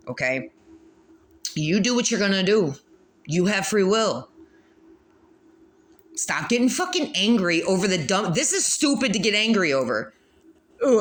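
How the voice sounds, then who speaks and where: A woman gives a casual spiritual card reading straight to her viewers. She is blunt and swears freely, often breaking into laughter, and her voice sits at a middle pitch. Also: a bit bright. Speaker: tarot reader.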